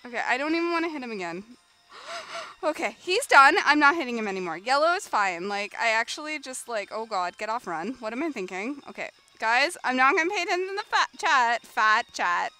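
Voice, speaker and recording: A young woman streaming a game live, chatting casually and bursting into excited shrieks, with music playing behind her. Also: on the high side, a little fast. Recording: background music under the voice.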